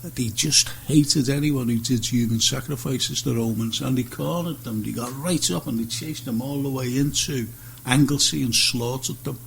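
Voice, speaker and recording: A man's voice: mid-range voice, moderate pace, vocal fry, slight background noise, low-quality recording. A man hosting a radio chat show, jokey and chatty, telling his own stories. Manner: jokey, chatty, breaks in eagerly.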